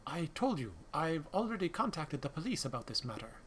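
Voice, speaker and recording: A man's voice: a little high, big pitch swings, a little hiss or hum. A man doing a hesitant Japanese scientist. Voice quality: halting, soft-spoken, avoids a thick accent.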